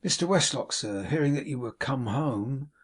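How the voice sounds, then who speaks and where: Meek awkward young man, anxious and earnest, slightly husky, read by a man. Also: mid-range voice, expressive, normal speed. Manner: nervous, earnest, apologetic. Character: meek awkward young male assistant, nervous.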